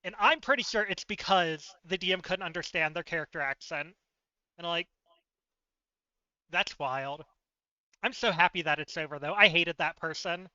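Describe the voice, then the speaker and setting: A man with a high, smooth voice and a sharp, cutting edge talks through a story in a loose, animated way, full of fillers and laughs. He is recorded close and dry. The sound is a little dull. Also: moderate pace, pauses often, no echo. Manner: chatty and animated, laughs often, many fillers. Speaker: livestreamer. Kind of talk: casual storytelling chat.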